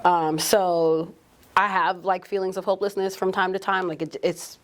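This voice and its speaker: In a lowish voice at a moderate pace, a journalist in her twenties opens up about her story as a podcast guest. The conversation is candid, and she animatedly acts out other people's words.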